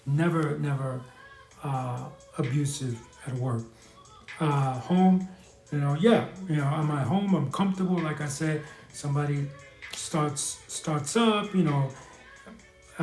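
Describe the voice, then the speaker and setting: A man from New hosts a live stream, talking candidly and earnestly with many fillers and restarts. His voice sits a little high for a man. The room gives the sound a clear echo. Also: measured pace, darkish tone, soft background music. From New York. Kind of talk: casual live-stream advice talk.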